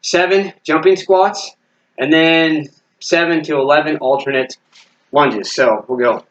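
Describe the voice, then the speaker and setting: A man's voice: fairly high pitch, unhurried, a bit bright, highs cut off. A man teaching a martial arts workout while doing it himself, counting reps aloud, making punching sounds and catching his breath. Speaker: martial arts fitness instructor. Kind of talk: workout instruction while exercising.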